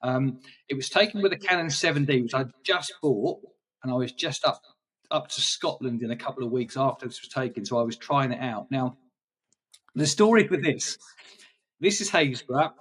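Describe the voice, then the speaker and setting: A man's voice: mid-range voice, moderate pace, a bit bright, slightly rough, far from the mic. A man chatting in an interview about his photography, rambling and hesitant, with many restarts. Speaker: guest photographer. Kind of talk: casual interview chat.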